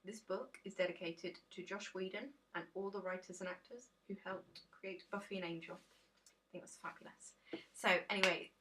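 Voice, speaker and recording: A woman's voice: mid-range voice, fairly even intonation, moderate pace, noisy background. A tired woman, chatting casually and rambling through a tarot deck reveal on her vlog, full of ums and self-deprecating asides. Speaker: tarot vlogger.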